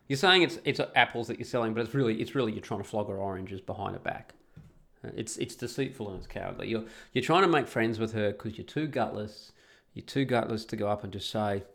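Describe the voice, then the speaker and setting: A man's voice: medium pitch, creaky. A man hosting a solo podcast, talking in a blunt, sweary, sarcastic way. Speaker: podcast host.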